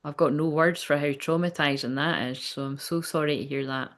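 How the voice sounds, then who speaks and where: Her voice is low with fairly even intonation and a fairly quick pace as this woman hosts a medium's live stream. She's rambling and candid, swears freely, reads viewer comments aloud, and keeps asking "do you know what I mean."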